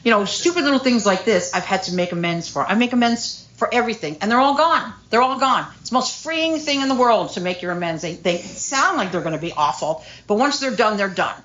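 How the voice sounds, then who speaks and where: A woman's voice: mid-range voice, expressive, a little fast, few pauses, a bit bright, lo-fi sound. A middle-aged woman speaking at a recovery meeting, telling her story candidly with lots of fillers. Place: meeting room.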